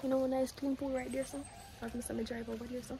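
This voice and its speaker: A woman's voice: high-pitched, flat delivery, fast talker, low-quality recording. A woman, chatting casually to her viewers in a vlog. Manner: chatty, addresses viewers as guys. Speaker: vlogger.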